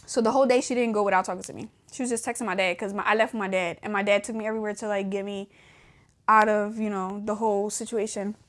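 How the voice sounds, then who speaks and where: A woman's voice: medium pitch, fairly even intonation, quick pace. A young adult woman hosting a podcast, telling her personal testimony in a casual way, laughing often and acting out what she said back then. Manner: casual, laughs often, acts out her own past dialogue. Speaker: podcast host.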